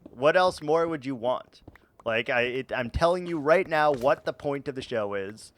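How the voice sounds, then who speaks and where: A man's voice: mid-range voice, lively intonation, normal speed. A young man streaming a game, chatting casually to his chat in a rambling, joking, self-mocking way with frequent chuckles.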